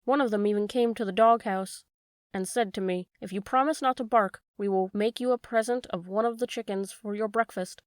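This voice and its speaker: A woman's voice: medium pitch, a little fast, no echo, studio quality, lightly acted. A woman voicing an earnest wooden boy marionette in a storybook reading.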